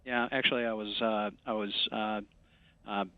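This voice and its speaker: A congressman giving a remote news interview, speaking haltingly with many fillers and restarts. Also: lowish voice, flat delivery, phone-quality sound. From West Michigan.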